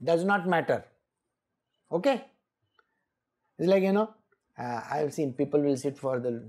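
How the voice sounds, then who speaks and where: A woman's voice: deep voice, lively intonation, unhurried, long pauses, a little mellow. A woman giving a scripture exposition, emphatic and scolding, often laughing. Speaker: spiritual teacher.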